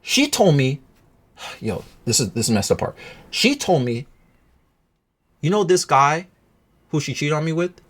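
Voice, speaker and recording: A man's voice: fairly high pitch, very animated, a little slow, long pauses. An emotional, upset man telling a personal story to his viewers in a casual, rambling, agitated way. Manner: agitated, rambling, restarts often.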